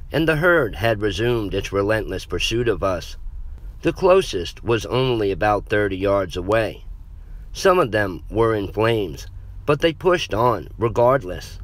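A man reading a horror story as a narrator in a measured, dramatic way. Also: on the low side.

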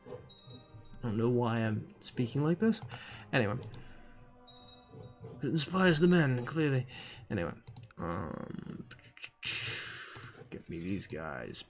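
A man's voice: on the low side, big pitch swings, slow pace, pauses often, faint music behind. A man giving casual, profane commentary while playing a strategy game, thinking aloud with dry asides. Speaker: gaming commentator. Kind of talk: casual let's-play commentary.

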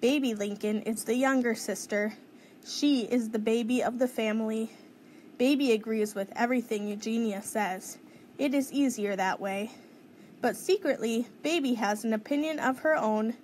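A woman's voice: on the high side, darkish tone, slight background noise. Woman reading a children's book aloud. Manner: clear, measured storytelling.

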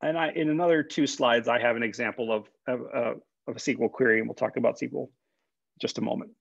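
A man's voice: medium pitch, steady tone, fast, creaky, no echo. A man, a college instructor, giving a conversational classroom lecture with fillers and repeated words. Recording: dull, dry lecture recording.

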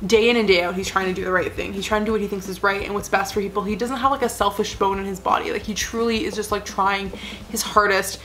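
There's slight background noise as a young adult woman with a medium-pitched, fairly bright voice chats casually for her vlog at a quick pace and fairly even intonation. She's earnest and emotional, rambling, gushing and saying "like" a lot.

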